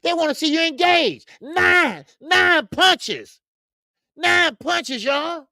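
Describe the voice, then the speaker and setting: A man hosting a boxing talk stream, speaking casually and loudly, cursing freely, repeating himself and reading viewer comments aloud. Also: very high voice, slow, no room sound, studio quality. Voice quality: loud, animated, profane, repeats himself. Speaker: boxing show host.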